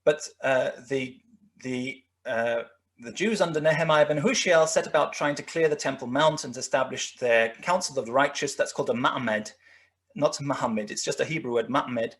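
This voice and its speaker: A man's voice: mid-range voice, normal speed, a bit bright. A man lecturing on history over slides, with many fillers and restarts as he talks. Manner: rambling, frequent restarts and fillers. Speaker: guest lecturer.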